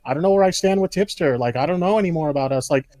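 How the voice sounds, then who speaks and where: A man calling in, confronting the host, quiet and full of fillers. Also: fairly high pitch, racing, dry recording. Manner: soft-spoken, confronting, lots of "like". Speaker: caller. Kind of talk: casual call-in chat.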